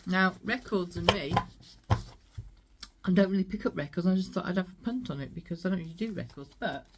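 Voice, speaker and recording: A woman's voice: lowish voice, normal speed, very noisy. A woman vlogging her thrift finds in a chatty, rambling way, laughing often. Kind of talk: casual chat.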